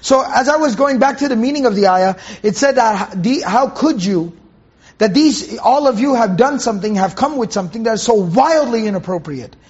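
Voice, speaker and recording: A man's voice: extremely high pitch, expressive, a little fast, few pauses, darkish tone, breathy edge, dull audio. A man teaching a Quran commentary lecture to students in a conversational way, repeating phrases, asking rhetorical questions and reciting Arabic verses.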